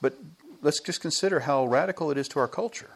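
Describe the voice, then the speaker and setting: A man's voice: fairly high pitch, fast talker, vocal fry. American man preaching a story-filled sermon. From United States. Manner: lively storytelling, chuckles between points. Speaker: pastor. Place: church.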